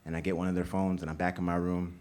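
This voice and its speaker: A man's voice: low-pitched, level tone, quick pace, darkish tone. A young man telling a personal story on a small theater stage, with an earnest, rhythmic delivery. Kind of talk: live storytelling.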